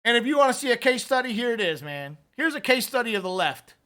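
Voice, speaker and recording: A man with a high, bright, forceful voice rants through political commentary. He sounds fired up and talks casually, straight to his listeners, like he's calling out to a buddy. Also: big pitch swings, quick pace. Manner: fired-up, ranting delivery; conversational, addresses listeners directly with "man".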